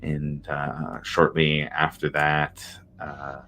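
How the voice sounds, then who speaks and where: Brief: very deep male game master, halting narration with lots of fillers. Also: monotone, sharp tone, slight background noise. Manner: halting, many fillers, low-key.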